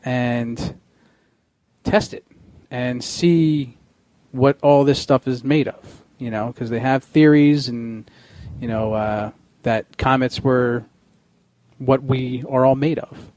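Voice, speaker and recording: A man's voice: mid-range voice, steady tone, takes it slowly, darkish tone, no room sound. A man hosting a casual geek-news podcast. His mid-range voice stumbles through fillers and restarts, and he laughs easily. The sound is dry and close to the mic. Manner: hesitant, full of fillers and restarts, laughs often. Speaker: podcast host.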